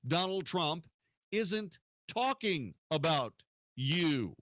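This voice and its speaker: A man hosts a political talk radio show, arguing combatively through rhetorical questions. His voice sits a bit high for a man, and the recording is dry and close. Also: sing-song, slow pace, a bit bright, dry recording.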